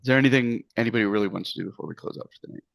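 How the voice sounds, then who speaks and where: A man's voice: lowish voice, very fast, vocal fry, fairly bright tone, dry recording. A man narrating a tabletop game as game master, in a loose style with many fillers.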